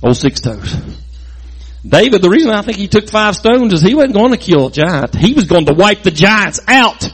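A man telling a Bible story in a lively, folksy way, adding sound effects and jokes. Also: sits high, normal speed, slightly rough.

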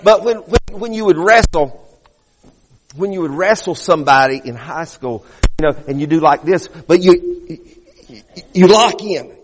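A man's voice: high voice, slightly rough, big-room sound. A middle-aged male pastor preaching a sermon, fervent, restarting phrases and repeating words as he builds.

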